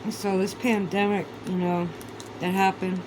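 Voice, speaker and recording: A woman's voice: mid-range voice, little pitch movement, unhurried, background noise. A woman vlogger in a casual, heated monologue, swearing a lot and sounding sarcastic and incredulous. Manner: heated, profane, ranting.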